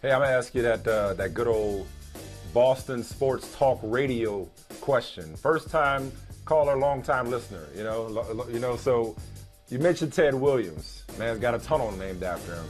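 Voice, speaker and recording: A man's voice: mid-range voice, normal speed, faint music behind. Laid-back man with a mid voice. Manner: relaxed, jokey, mostly short back-channel replies. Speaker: co-host. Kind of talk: casual sports talk show chat.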